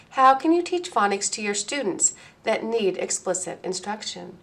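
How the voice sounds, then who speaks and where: Woman giving a slow, careful phonics lesson. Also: a little high, creaky. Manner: slow, deliberate, explains step by step. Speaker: teacher trainer. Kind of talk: recorded teacher training lecture.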